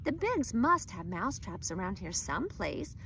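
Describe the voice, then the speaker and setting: A woman putting on a patient husband from a children's storybook, soothing and steady. Her pitch is livelier than the rest of her reading. A faint hiss sits behind the reading. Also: a little slow. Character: calm reassuring husband, adult man.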